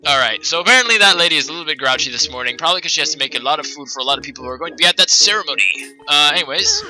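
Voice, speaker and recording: A man hosts a let's play, rambling through video game commentary with plenty of ums and asides. His voice is bright and animated, with game music faint behind him. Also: fairly high pitch, very fast, poor audio. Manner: rambling, many fillers.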